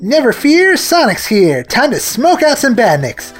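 A man's voice: extremely high pitch, huge pitch swings, unhurried, over music, pitched above the performer's own voice, heavily acted. A man voicing a cocky young male cartoon hedgehog hero, brash and showy, while reading a storybook aloud.

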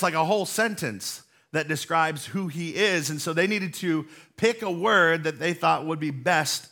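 Earnest bright-voiced male pastor preaching. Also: fairly high pitch. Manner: earnest and conversational, explaining slowly with emphatic repetition. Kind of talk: sermon.

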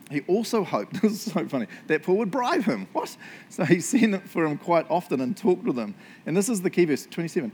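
A man's voice: high voice, very animated, brisk, a little mellow, slight background noise. A man preaching a casual sermon, joking often and asking "right?" after points. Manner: chatty, joking, tag questions. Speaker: pastor.

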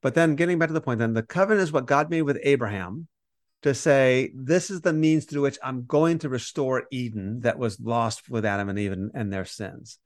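A man co-hosting a Bible study podcast, explaining scripture in a lively conversational teaching style and acting out the quoted voices. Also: medium pitch, moderate pace, dry recording, clean studio sound. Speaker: podcast co-host teaching on Romans.

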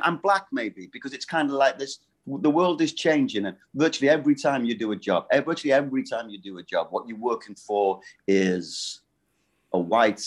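A middle-aged man with a deep, low voice, chatting as a voice actor guest in a rambling, halting way. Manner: rambling, halting and self-correcting. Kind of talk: casual interview chat.

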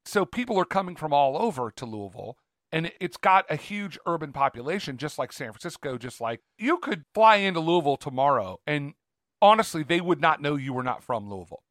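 A man's voice: on the high side, sing-song, fairly quick, a bit bright, no echo, studio quality. Eager, rambling man on a podcast. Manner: enthusiastic, rambling with restarts. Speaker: podcast co-host. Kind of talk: casual podcast chat.

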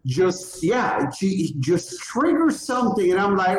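Animated man telling stories, roomy sound. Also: sits high, slow pace. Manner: animated storyteller, swears freely, acts out quotes. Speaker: co-host. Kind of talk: casual podcast chat. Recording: roomy echo with faint background noise.

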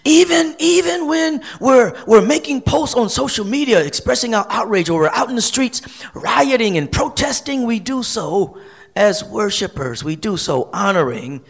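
A man's voice: lively intonation, normal speed, breathy edge. A male pastor delivering a sermon, repeating phrases as he builds. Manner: preaching with sweeping pitch swings and repetitions.

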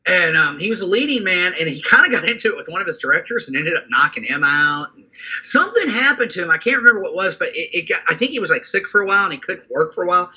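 A man in his fifties chatting about movies as a podcast guest, telling animated stories, swearing freely and calling people man and dude. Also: high-pitched, quick pace, breathy edge. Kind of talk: casual chat about movies. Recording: dull lo-fi sound.

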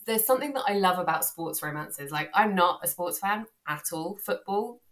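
A British woman with a low voice talks eagerly in a loose, rambling way. She chats casually as a guest author on a podcast, breaking off and restarting her thoughts as she goes. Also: lively intonation, normal speed.

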